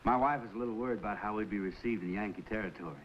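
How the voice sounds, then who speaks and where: A man's voice: lowish voice, racing, background noise, lightly acted. A man playing a drawling Southern country doctor. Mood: calm. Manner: drawling, folksy and good-humored. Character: friendly easygoing newly arrived male country doctor. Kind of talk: 1950s TV western acting. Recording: dull old TV soundtrack with music.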